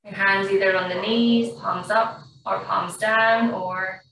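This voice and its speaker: Calm woman guiding yoga breathing. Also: medium pitch, creaky. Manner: slow, calm, even-toned guidance. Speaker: yoga instructor. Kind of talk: guided yoga breathing instruction. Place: yoga studio room with a live class. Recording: very echoey room, far from mic, faint noise.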